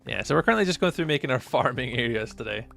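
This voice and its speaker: A man's voice: medium pitch, animated, fast, vocal fry, a bit bright, soft background music. A Scottish man chatting casually through a live gameplay stream, greeting viewers by name as he talks. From Scotland. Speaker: livestreamer.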